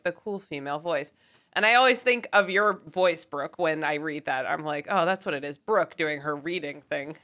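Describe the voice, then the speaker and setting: A woman co-hosting a casual book podcast, playful and quick with banter. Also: on the low side, sharp tone. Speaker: podcast co-host. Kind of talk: casual book-club chat.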